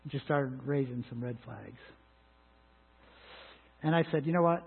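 A middle-aged man preaching a sermon in an earnest way, rising to emphatic lines and dropping to quiet asides. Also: mid-range voice, unhurried, vocal fry, pauses often, husky, phone-quality sound. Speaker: pastor.

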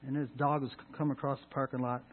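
A middle-aged man pastor telling a folksy, halting personal story in his sermon, voicing people with raised shouts. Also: medium pitch, flat delivery. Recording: echoey hall, phone-like sound.

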